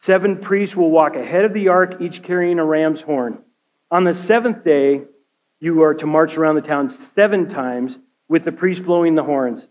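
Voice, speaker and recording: A man's voice: a little high, normal speed, phone-quality sound. A male care pastor giving a conversational sermon, often checking in with his listeners by asking "right?" and "okay?". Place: church sanctuary.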